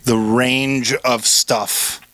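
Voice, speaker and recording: A man's voice: mid-range voice, flat delivery, very slow, pushed and bright, no room sound. A man co-hosting a podcast in casual chat, searching for words and then driving points home emphatically. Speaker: podcast co-host.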